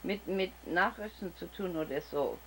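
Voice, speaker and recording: A woman host with a German accent speaks slowly and carefully, pausing on fillers and restarting her sentences as she chats with a guest over a video call. Her voice sits a little low. A faint hiss runs under the recording. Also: rough recording. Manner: slow deliberate speech with many fillers and restarts. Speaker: talk show host.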